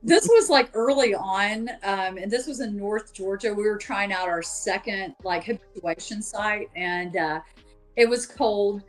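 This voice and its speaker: A woman's voice: mid-range voice, a little slow, soft background music. A woman on a podcast, telling of her field investigations in a chatty way, full of fillers and acted-out quotes. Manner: chatty, many fillers, acts out quoted voices. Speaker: paranormal investigator guest. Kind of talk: casual storytelling interview.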